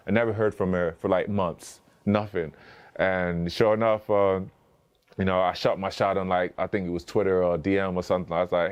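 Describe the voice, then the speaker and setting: A man in his thirties with a very low voice tells stories as a podcast guest. He rambles, restarts often and leans on fillers. He slips into acted-out quotes of what other people said. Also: normal speed, smooth, highs cut off. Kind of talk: conversational interview storytelling.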